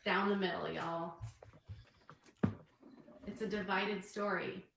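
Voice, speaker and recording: A woman's voice: medium pitch, steady tone, slow, vocal fry. A woman chatting casually on a livestream, reading out poll results and counting down. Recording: roomy livestream audio with faint noise.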